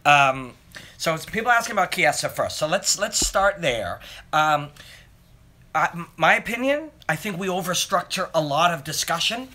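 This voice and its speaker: A man's voice: fairly high pitch, sing-song, moderate pace, sharp tone. A man hosting a casual live stream, rambling through fight analysis and answering viewer comments from his phone. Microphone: phone camera.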